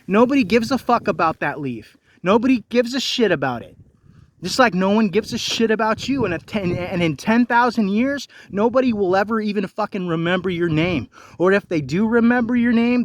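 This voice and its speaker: A man's voice: high-pitched, lively intonation, moderate pace, no room sound, studio quality. A man delivering an angry, profane ranting monologue, confronting the listener with repeated rhetorical questions. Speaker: vlogger.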